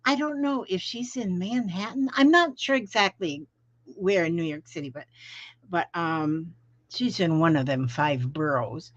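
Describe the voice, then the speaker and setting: With a fairly low, slightly bright voice, a middle-aged Florida woman hosts a crafting live stream from her home, rambling folksily and casually while greeting viewers by name. The recording is dull, dry lo-fi stream audio.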